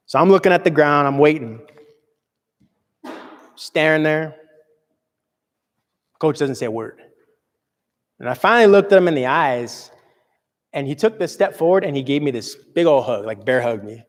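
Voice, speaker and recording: A young man, a motivational speaker, telling a personal story with earnest, dramatic swings between loud and soft. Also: mid-range voice, expressive, normal speed, pauses often, long reverb tail. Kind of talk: storytelling talk to an audience.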